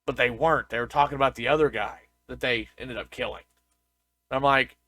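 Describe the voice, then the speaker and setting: A man's voice: medium pitch, steady tone, a little fast, bright, forceful tone, dry recording. A man co-hosting a podcast, chatting casually and joking with mock confusion. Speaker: podcast co-host. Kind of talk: casual chat.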